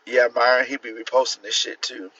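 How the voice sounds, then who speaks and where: A man's voice: medium pitch, little pitch movement, brisk, bright, forceful tone, breathy edge, no echo, muffled recording. A man hosting a casual livestream and reacting to posts, laughing often, incredulous and swearing freely. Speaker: livestream host.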